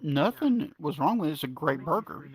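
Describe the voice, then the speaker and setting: A man's voice: on the high side, normal speed. Profane man telling stories. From North Georgia, US. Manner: profane, drawling, animated retelling. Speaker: storyteller. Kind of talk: casual storytelling.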